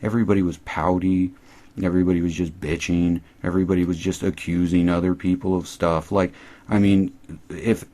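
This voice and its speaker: A man's voice: low voice, darkish tone. A man giving a rambling, sarcastic, profane recap of a TV episode. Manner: sarcastic, rambling, swears a lot.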